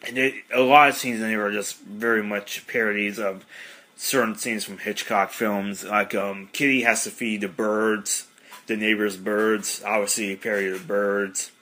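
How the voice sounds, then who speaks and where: Man, podcast host, casual monologue, rambling with fillers, bright forceful tone, slightly low voice. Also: steady tone, normal speed.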